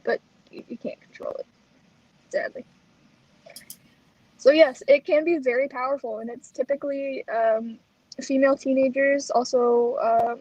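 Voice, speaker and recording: A woman co-hosting a chat show, telling a personal story in a lively way and acting out the lines she quotes. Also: high voice, highs cut off. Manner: animated, acts out quoted lines. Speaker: co-host.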